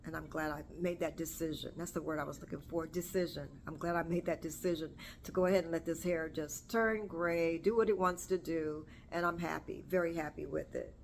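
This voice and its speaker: Chatty, low-voiced woman musing on aging. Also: fairly even intonation, brisk, gravelly, hardly any pauses, a little hiss or hum. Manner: rambling, chatty, self-correcting. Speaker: podcast host. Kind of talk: casual solo talk to camera. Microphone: camera or phone on self.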